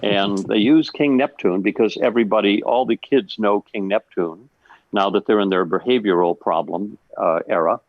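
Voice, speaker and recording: A man voice actor telling stories on a video call panel, halting with fillers. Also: on the low side, dry recording, narrow, tinny audio. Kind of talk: casual panel chat.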